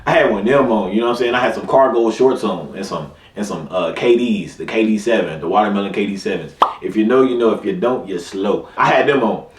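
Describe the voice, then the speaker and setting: A man's voice: fairly low pitch, fast, hardly any pauses, slight background noise. A young man telling a casual story in slangy, laid-back speech, with frequent check-ins with his listener. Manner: laid-back slangy talk, keeps saying "you know what I'm saying". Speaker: vlogger. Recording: roomy sound, far from mic, music behind.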